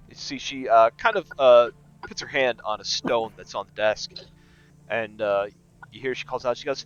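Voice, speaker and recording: A man's voice: medium pitch, normal speed, a bit bright, clean tone, no echo, dull audio. A man narrating as game master in a tabletop game, hesitant and full of fillers.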